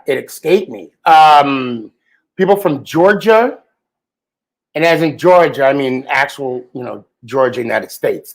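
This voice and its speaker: Talking with his guest from what sounds like home, a male podcast host with a fairly high voice and some vocal fry keeps things loose and joking. His pauses are full of "um" and "uh," and the recording quality is rough.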